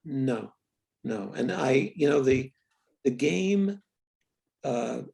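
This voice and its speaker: At medium pitch, husky and animated with vocal fry, an older writer-director tells candid stories in an interview. His manner stays reflective, with frequent restarts and pauses that trail off quietly.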